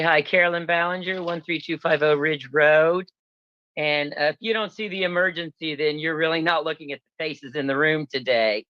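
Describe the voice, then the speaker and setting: A woman giving public comment over a video call, forceful and emphatic in tone. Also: on the low side, no room sound, muffled recording.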